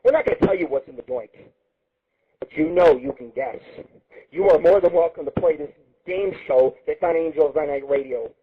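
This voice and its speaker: A man's voice: fairly high pitch, animated, brisk, husky. A man hosting an internet radio show, ranting crudely and rambling with constant swearing. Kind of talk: profane comedic radio rant. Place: home radio studio. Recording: tinny phone-like lo-fi stream.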